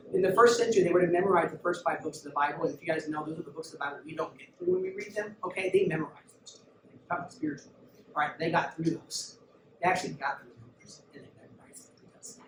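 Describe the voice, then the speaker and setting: A high-voiced man preaches emphatically to a youth group. He is heard from a distance in an echoey church room. Steady noise sits under his voice. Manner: emphatic, urges listeners to look and listen. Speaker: youth pastor. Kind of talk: sermon.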